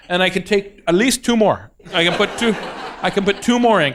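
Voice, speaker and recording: A man's voice: high voice, expressive, moderate pace, fairly bright tone, slight background noise. A middle-aged man doing stand-up in front of an audience, telling a story in a self-mocking way and acting out the dialogue. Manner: self-deprecating, acts out dialogue, laughs at own jokes. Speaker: stand-up comedian. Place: stage before a live audience.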